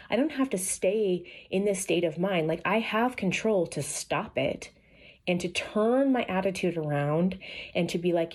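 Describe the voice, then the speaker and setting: A woman, a mother in her thirties, talks in an earnest, heartfelt way about family and faith, rising high when she gets excited. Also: breathy edge. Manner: earnest, animated, rising to a high pitch on excited or quoted lines. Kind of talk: casual heartfelt talk.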